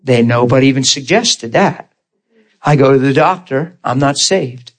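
With a mid-range voice at a moderate pace, a man shares his testimony as a sermon told in storytelling fashion. He laughs frequently, voices the characters he quotes, and speaks to his audience through questions and casual asides.

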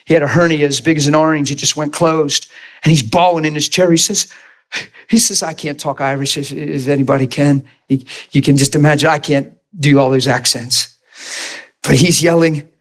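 A man preaching a sermon, telling a healing story with lively acted-out quotes. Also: normal speed. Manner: animated storytelling, acts out quotes in high excited voice.

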